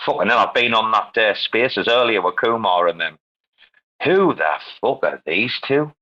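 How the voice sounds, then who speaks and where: A man's voice: fairly low pitch, lively intonation, moderate pace, dull audio. A man hosting a casual online voice chat, rambling and swearing freely, laughing often. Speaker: podcast host. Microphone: online audio chat.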